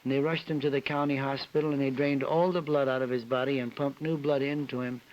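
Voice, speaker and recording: A man's voice: medium pitch, flat delivery, quick pace. A man telling an emotional personal story as a guest on a television panel show. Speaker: celebrity guest. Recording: dull 1961 TV broadcast with hiss.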